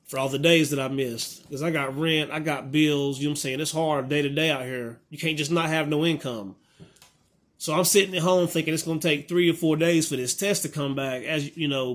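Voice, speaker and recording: A man in his thirties tells a story straight to his viewers, and his voice sits a little higher than most men's. He talks in a loose, exasperated way and acts out both sides of each exchange. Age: 30s. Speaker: vlogger. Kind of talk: casual storytime monologue.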